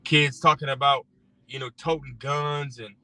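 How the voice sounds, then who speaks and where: A man's voice: medium pitch, steady tone, normal speed, bright, forceful tone, no room sound. A man who drives for a rideshare service, ranting bluntly and profanely about scripture, packed with fillers and repeats. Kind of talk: casual religious rant. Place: in a car. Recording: distant mic with faint car noise.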